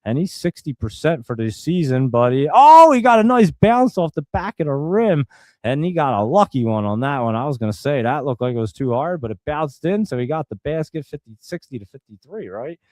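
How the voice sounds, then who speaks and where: A man hosting a stream, giving casual live play-by-play commentary in a chatty, excitable way and talking straight to his viewers. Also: on the high side, fairly quick, no room sound. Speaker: stream host.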